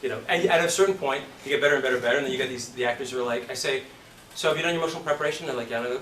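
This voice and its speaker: A man's voice: mid-range voice, racing, fairly bright tone. A man teaching an acting class in a studio, telling stories animatedly, swearing and acting out scenes. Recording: roomy, distant, noisy room recording.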